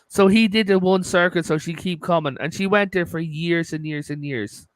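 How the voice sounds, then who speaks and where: A man hosting a casual podcast, spinning long stories and swearing now and then. His voice is smooth and clear, and it sits a little high. The sound is dry and close. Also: normal speed, few pauses, no room sound. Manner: storytelling, swears, rambling. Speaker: podcast host. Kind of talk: casual chat.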